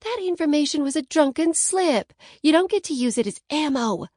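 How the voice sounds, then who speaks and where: A woman's voice: high-pitched, animated, moderate pace, darkish tone, no room sound, clean studio sound, voice pushed up. A woman voicing a playful, teasing young bride-to-be in an audiobook, bubbly and pushy. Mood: coaxing. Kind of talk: audiobook character voice.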